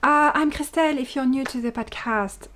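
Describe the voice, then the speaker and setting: Chatty French-accented woman, slightly high. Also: a bit bright. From France. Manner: chatty, quick-talking with frequent fillers. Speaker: podcast host and indie yarn dyer. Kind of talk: casual chat.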